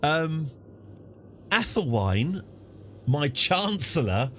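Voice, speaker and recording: A British man streaming a strategy game, chatting through it and getting excited and apologetic in turns. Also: medium pitch, slow, a little hiss or hum. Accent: British English. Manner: chatty, easily excited, apologetic after outbursts. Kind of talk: live game commentary.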